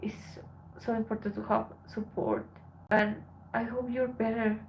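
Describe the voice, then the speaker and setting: A tired woman from Colombia, a Spanish speaker, chatting softly with her live-stream viewers as she reads their messages aloud. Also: on the high side, little pitch movement, a little slow, a little hiss or hum, poor audio. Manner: soft, subdued, switching between English and Spanish. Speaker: live streamer reading chat. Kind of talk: casual live-stream chat.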